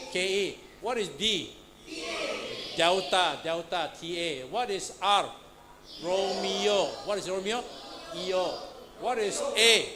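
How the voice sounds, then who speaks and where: A man leads a classroom lesson, quizzing students out loud and tossing in "huh?" and "all right" between questions. The recording is noisy, with a clear hiss of room noise behind him. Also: high-pitched. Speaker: Pathfinder class instructor. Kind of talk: interactive classroom teaching. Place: church classroom.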